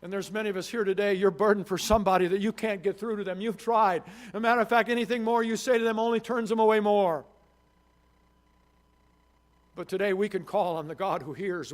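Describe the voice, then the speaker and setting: A man's voice: high voice, steady tone, quick pace, hardly any pauses. A male pastor preaching a sermon in church, telling a story with many restarts and rising to emphatic peaks. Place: church sanctuary.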